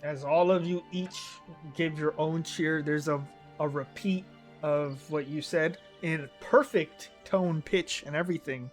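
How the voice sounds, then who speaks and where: A man with a high voice running a tabletop game as game master. He narrates in a relaxed, easy way and laughs often. Quiet music sits behind him. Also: measured pace.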